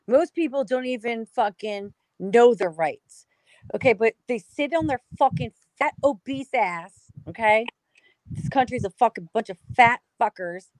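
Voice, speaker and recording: This is an angry, swearing American woman ranting in casual conversation. Her voice sits on the higher side and is recorded dry and close, with no room sound at all. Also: expressive, measured pace, no echo, low-quality recording. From United States. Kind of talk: heated casual talk.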